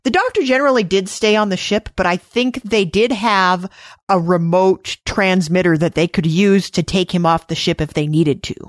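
A woman co-hosts a casual fan discussion podcast with a fairly low voice at a moderate pace. Easygoing and wry, she's full of comparisons, and the audio is clean studio sound with no room tone.

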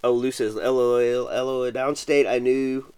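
A man's voice: mid-range voice, flat delivery, moderate pace, darkish tone, clean tone, no echo. A middle-aged man from Missouri, hosting a casual late-night livestream and chatting while reading viewer comments aloud. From Missouri, USA. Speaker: podcast host.

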